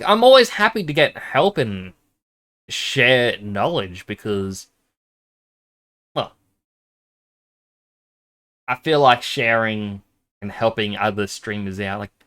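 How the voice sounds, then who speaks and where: A man with a mid-range, slightly bright voice talks a little slowly, with big pitch swings and frequent pauses. Streaming a game from home, he rambles casually and a bit shyly, self-consciously testing out whispering into his microphone.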